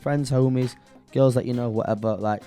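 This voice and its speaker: A man's voice: mid-range voice, fairly even intonation, moderate pace, mellow, soft background music. A man co-hosting a casual podcast about DJing, speaking in a laid-back, slangy way. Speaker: podcast co-host, DJ. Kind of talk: casual chat.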